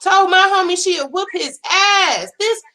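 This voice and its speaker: A woman's voice: extremely high pitch, unhurried, sharp tone. Indignant woman ranting to viewers. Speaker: commentary host. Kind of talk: casual reaction commentary. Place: home livestream setup.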